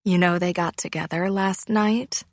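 A woman voicing a weary teenage girl who talks in a low-key, flat, matter-of-fact way. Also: measured pace, no echo. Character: weary teenage girl, grieving but dry.

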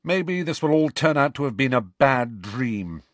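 A man's voice: lively intonation, unhurried, no room sound, close to an everyday voice. A man voicing an exasperated teenage girl who captains a sports team, in an audiobook. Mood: weary. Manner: high, loud, dismayed.

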